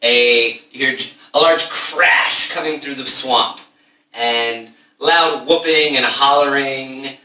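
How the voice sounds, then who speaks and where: A man narrating a tabletop game as game master in a relaxed, halting way. His voice is strikingly bright and sharp, and it rings in an echoey room, picked up from a distance. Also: medium pitch. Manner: relaxed, halting, with ums and laughs.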